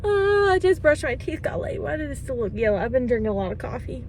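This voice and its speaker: A woman who runs a small craft shop, chatting in a casual vlog, excited and close to tears, talking into a phone in a vehicle. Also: fairly high pitch, fast, a little hiss or hum. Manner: emotional, near tears, excited. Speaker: craft shop owner vlogging.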